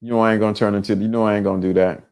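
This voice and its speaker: A man hosting a casual livestream, talking in an animated way, often laughing and using streetwise slang. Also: on the low side, rapid-fire, smooth. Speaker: livestream show host.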